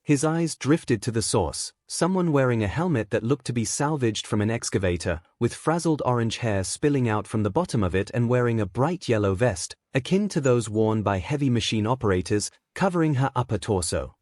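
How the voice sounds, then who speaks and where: A man's voice: medium pitch, animated, fairly quick, few pauses, darkish tone, no room sound, studio quality. A man reading a fan-fiction story aloud, narrating and speaking all the characters' lines in one voice. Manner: reads every part in one voice.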